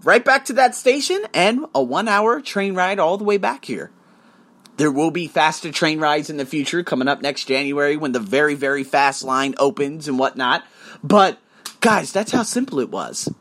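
A young man hosting a podcast, telling stories in a casual, profane way and acting out quotes. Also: sits high. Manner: animated, profane, acts out quotes. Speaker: podcast host. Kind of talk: casual storytelling monologue.

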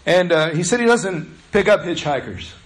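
A man's voice: high voice, animated, moderate pace. A male pastor preaching a sermon in a conversational, storytelling way.

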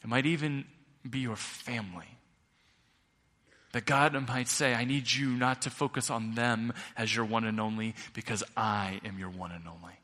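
Impassioned pastor in a reverberant hall. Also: male voice, medium pitch, steady tone, moderate pace. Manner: impassioned, builds to loud climaxes then drops quiet. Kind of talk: sermon. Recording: long reverb of a large hall.

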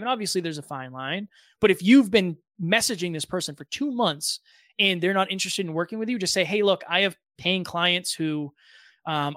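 A man's voice: on the high side, pushed and bright, no room sound. A man who works as a business coach and co-host, talking in a playful, direct way and telling stories from client calls. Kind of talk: casual motivational talk.

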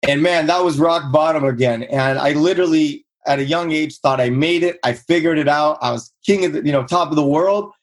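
A man's voice: fairly quick, hardly any pauses. A man in his thirties from Southern California, telling his own story in a casual interview and acting out quotes with a raised voice. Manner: energetic storyteller, acts out quotes in higher voice. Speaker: guest, real estate investor.

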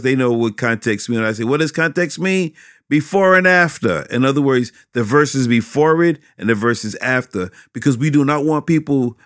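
A man's voice: medium pitch, dry recording. A middle-aged pastor talking in an interview, building energy as he drives home his points and repeating phrases for emphasis. His voice sits in a normal male range. The sound is dry and close, with little room around it. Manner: animated, preacherly emphasis with repetitions. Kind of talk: interview answers about teaching children.

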